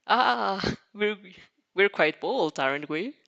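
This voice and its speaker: A cocky young winged hero who teases and banters, laughing between his words, as a fanfic reader puts him on. The delivery is playful and easygoing, with a casual, mid-pitched tone. It sounds like an amateur audio fanfic reading. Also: animated, takes it slowly, vocal fry, pushed and bright, dull audio, exaggerated voice. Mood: teasing. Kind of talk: fanfic read aloud.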